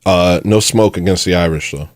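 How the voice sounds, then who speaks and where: A man's voice: low-pitched, normal speed, dry recording. A man hosting a livestream, talking bluntly and rambling in a self-mocking way. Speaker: livestream host. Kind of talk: casual livestream rant.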